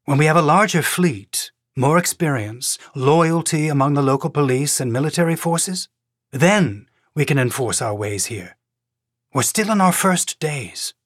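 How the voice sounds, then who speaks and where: A man voicing a cautious planetary governor who speaks in a careful, measured way. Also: a little high, animated, dry recording, clean studio sound.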